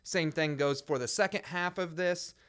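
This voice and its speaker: A man's voice: a little high, moderate pace, a bit bright, clear, resonant tone. A male percussion teacher with a Midwestern American accent, explaining audition excerpts and counting and scatting rhythms aloud. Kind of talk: instructional demonstration.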